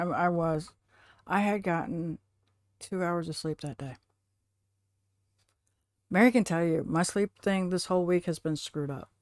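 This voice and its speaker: Slow-talking low-voiced woman streamer. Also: dry recording, studio quality. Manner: chatty, rambling, soft baby talk to her cat. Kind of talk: casual chat to stream chat.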